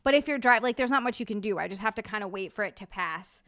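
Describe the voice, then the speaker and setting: Bright chatty woman live streamer. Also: medium pitch, lively intonation, fast, no room sound. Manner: chatty, reads and answers chat messages. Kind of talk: casual chat with live chat.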